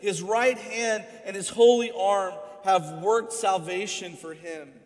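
A man preaching a sermon as pastor, animated, racing through asides and slowing down hard for emphasis. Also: high-pitched. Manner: animated storytelling, swings from fast asides to slow emphatic lines. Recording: preaching in a reverberant hall.

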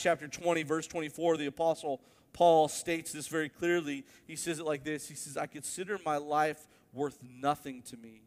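A male pastor preaching a sermon, telling a story with animated build-ups to emphatic peaks. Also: fairly high pitch, big-room sound.

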